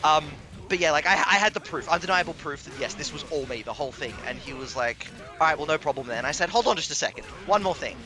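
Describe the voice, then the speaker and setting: A man telling a long personal story in casual chat, animated, swearing and laughing as he goes. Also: fairly high pitch, fast talker, hardly any pauses. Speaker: stream commentator.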